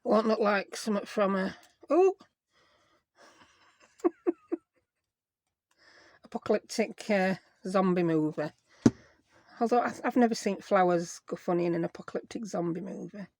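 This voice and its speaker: Woman, craft vlog host, self-mocking running chatter, mid pitch, dry close sound. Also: normal speed, long pauses, darkish tone, no echo. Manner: chatty, self-deprecating, talks to herself while working.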